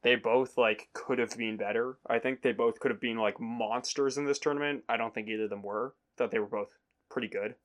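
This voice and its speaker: A man's voice: mid-range voice, steady tone, fairly quick. A man hosting a podcast, talking loosely and joking, with fillers and the odd swear. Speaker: podcast host. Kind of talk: casual sports chat.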